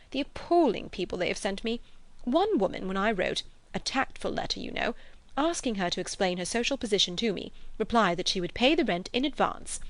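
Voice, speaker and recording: A woman reading aloud, voicing a fussy, excitable older gentleman who frets and gushes. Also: dry recording, natural voice. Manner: fretful, gushing, high and animated.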